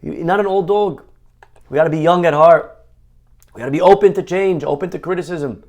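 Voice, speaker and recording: Animated preaching rabbi, man. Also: fairly high pitch, brisk. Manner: animated preaching, acting out voices of others. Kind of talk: sermon. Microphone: online class mic.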